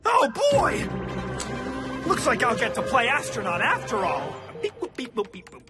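An actor voicing an excitable little cartoon robot who beeps and plays astronaut. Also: male voice, very high voice, moderate pace, full character voice. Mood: excited. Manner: giddy, playful, makes beeping noises. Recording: cartoon with loud music behind.

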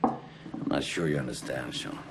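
A man's voice: rumbling low, moderate pace, noisy background. An actor playing a proud, pushy middle-aged male professor who speaks in an earnest, insistent way. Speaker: mathematics professor. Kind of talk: film dialogue. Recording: film scene with music behind.

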